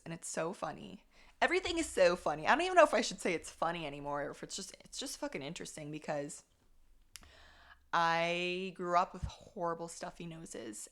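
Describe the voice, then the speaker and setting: A woman's voice: fairly low pitch, vocal fry, fairly bright tone. A young adult woman hosting her own podcast, telling a personal story in a candid, casual way and swearing freely. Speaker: podcast host. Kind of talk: casual solo reflection.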